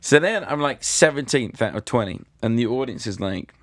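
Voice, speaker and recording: A man's voice: medium pitch, animated, moderate pace, very noisy. A British man telling anecdotes as a guest, dry and self-deprecating. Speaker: guest comedian and magician.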